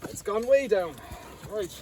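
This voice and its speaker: Working outdoors at a stone site, a video maker narrates casually to the camera, talking to himself with pleased exclamations. His voice is high-pitched, animated and a little slow, he sounds slightly out of breath, and background noise is audible.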